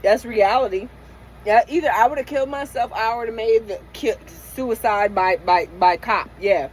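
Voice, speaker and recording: A woman's voice: fairly high pitch, normal speed, a little hiss or hum, low-quality recording. A middle-aged woman in a candid late-night vlog rant from inside her van, venting emotionally and profanely with many restarts. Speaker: van-life vlogger.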